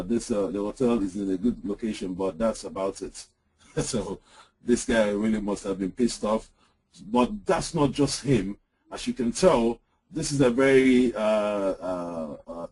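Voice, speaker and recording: A man presenting software in an online webinar, walking through a screen-share demo with frequent "uh"s and "um"s over a computer mic. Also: fairly low pitch, husky, rough recording. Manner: hesitant, lots of "uh" and "um". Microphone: computer mic on an online call.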